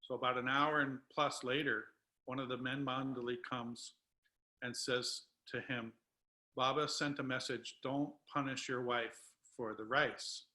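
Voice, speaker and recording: A man's voice: mid-range voice, steady tone, unhurried, pushed and bright, poor audio. A man speaking as a guest on a video call, telling a spiritual story with emotion. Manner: emotional, tearful at times.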